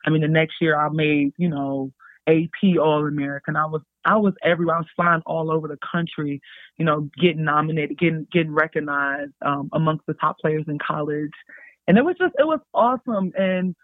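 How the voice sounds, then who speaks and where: A young woman, a basketball player and podcast guest, telling stories in a chatty, animated way and calling her listeners y'all. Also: sits low, brisk, no echo. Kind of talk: casual storytelling. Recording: dry tinny phone-like sound.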